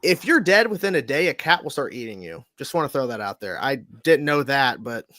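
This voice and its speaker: A man hosting a casual livestream chat show over a video call, talking in a lively, animated way and laughing often. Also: mid-range voice, a little fast, no room sound. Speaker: host.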